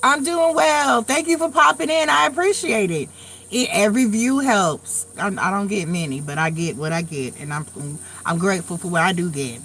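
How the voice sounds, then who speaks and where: A woman in her late forties hosting a live tarot stream, telling stories in a blunt, profane, animated way while getting over a cold. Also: mid-range voice, normal speed. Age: late 40s. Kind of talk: casual live chat.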